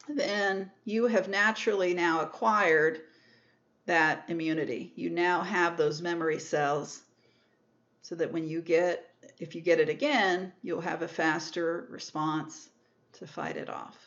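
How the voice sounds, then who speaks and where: Woman lecturing slowly on immunology, lo-fi. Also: on the low side, steady tone, fairly bright tone. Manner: explanatory, repeats and rephrases terms, self-corrects. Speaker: microbiology lecturer. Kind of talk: recorded lecture.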